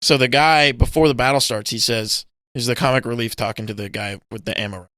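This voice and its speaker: A man co-hosting a podcast, chatting casually and swearing a lot as he retells movie scenes with yelled bits. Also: medium pitch, a little fast, no echo, clean studio sound. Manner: animated storytelling, swearing, loud acted-out yells. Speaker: podcast co-host. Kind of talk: casual chat.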